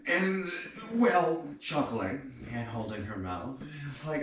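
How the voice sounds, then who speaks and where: A man's voice: medium pitch, big pitch swings, slow pace, a crowd in the background. A man casually telling a joke in a playful, loose way with fillers. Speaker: joke teller. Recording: roomy, distant mic, faint hiss.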